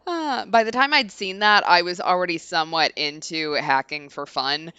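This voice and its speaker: A woman's voice: on the low side, moderate pace, smooth, no echo, lo-fi sound. A woman hosting a let's play, chatting casually and bluntly and reading game story text aloud. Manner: casual, blunt, reads story lines in an even narrating tone.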